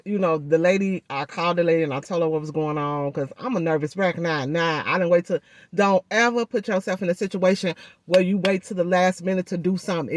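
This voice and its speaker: A woman vlogger chatting casually to her viewers, her speech thick and muffled from a swollen jaw and gauze in her mouth. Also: fairly low pitch. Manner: chatty, addresses viewers often with "y'all" and "baby". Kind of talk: casual vlog chat.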